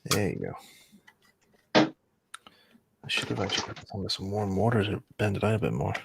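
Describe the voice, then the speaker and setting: Low-voiced young man chatting, rambling. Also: very animated, moderate pace, gravelly, a little hiss or hum. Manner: rambling, laughing, self-correcting. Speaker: livestream host. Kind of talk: casual chat while building models.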